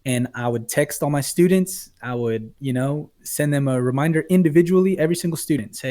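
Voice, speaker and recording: A man's voice: on the high side, brisk, hardly any pauses, warm tone. A man who is a pastor and streamer, a guest on a casual podcast, explaining his views through an example story.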